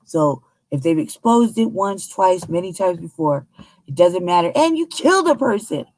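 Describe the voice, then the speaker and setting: An American woman hosting a news commentary show, talking in a heated, emphatic, profane way with a husky voice. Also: on the low side, sing-song, moderate pace, a little mellow, no echo. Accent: American English. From United States.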